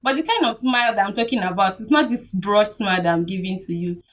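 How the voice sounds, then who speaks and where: A young woman with a Nigerian accent, talking to camera in a chatty, animated way and laughing often. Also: mid-range voice, fast talker, distant mic. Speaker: vlogger. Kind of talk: casual talk to camera.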